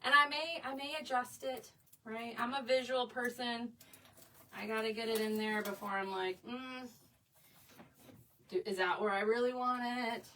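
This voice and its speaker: A woman's voice: on the high side, steady tone, moderate pace, bright, forceful tone, far from the mic, slight background noise. Bubbly woman teaching a craft. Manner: bubbly, chatty, gushing. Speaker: craft instructor. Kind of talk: live crafting tutorial, chatting with viewers. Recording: voice a bit away from the mic.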